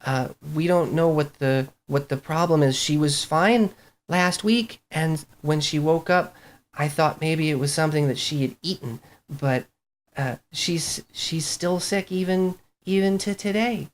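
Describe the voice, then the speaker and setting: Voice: mid-range voice, measured pace, natural voice. A game master voicing a timid, fussing female nursemaid who stammers and pleads. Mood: worried.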